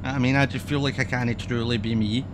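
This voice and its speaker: A man chatting through a driving game, voice sitting at an ordinary middle pitch. He rambles from one thought to the next, casual and loose, swearing as he goes. A faint hum of noise sits behind him. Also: fairly even intonation, a little fast. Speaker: streamer. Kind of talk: casual gameplay commentary.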